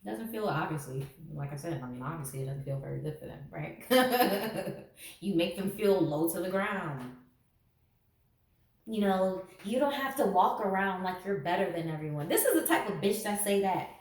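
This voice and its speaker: A woman's voice: lowish voice, expressive, normal speed, darkish tone. A woman giving a casual tarot reading to camera, sarcastic and laughing often. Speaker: tarot reader. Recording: echoey room, mic at a distance.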